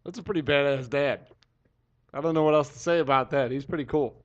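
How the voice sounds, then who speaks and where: A man's voice: a little high, brisk. Laid-back man on a dull lo-fi mic. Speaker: podcast co-host. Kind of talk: casual chat.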